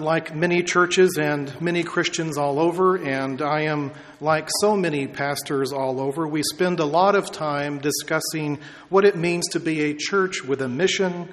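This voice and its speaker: A male pastor giving a measured sermon, stretching out key words for emphasis, in a church sanctuary. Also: on the high side. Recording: long reverb of a large hall.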